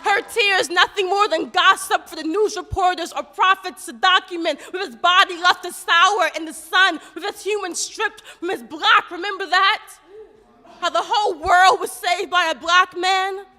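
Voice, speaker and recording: A high-pitched, bright-voiced woman performs spoken word poetry with rhythmic, impassioned phrasing. Her voice rings out with a long hall reverb behind it. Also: normal speed. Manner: rhythmic, impassioned, rhetorical questions.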